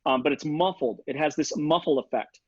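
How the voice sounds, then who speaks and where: A saxophone instructor, speaking a little fast with a fairly high, darkish, breathy voice, gives a casual, chatty online lesson from his home setup. He sings rhythms and articulations in scat syllables over a video call whose audio is dry, dull and lo-fi.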